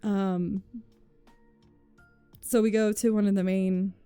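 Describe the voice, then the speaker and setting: A woman's voice: medium pitch, little pitch movement, slow, dark tone, smooth, faint music behind. A woman streamer chatting casually with her viewers, telling rambling stories full of "like", swearing and frequent laughter.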